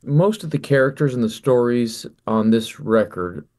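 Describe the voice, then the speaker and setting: A man in his forties, a musician on the radio, talking about his album in a relaxed, reflective way and often repeating words as he thinks. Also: mid-range voice, moderate pace. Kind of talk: relaxed radio interview talk.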